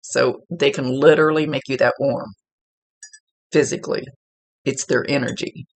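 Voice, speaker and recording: Man, psychic medium, casual rambling reading, gravelly voice, a bit husky. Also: mid-range voice, moderate pace. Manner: relaxed, rambling, relaying messages aloud.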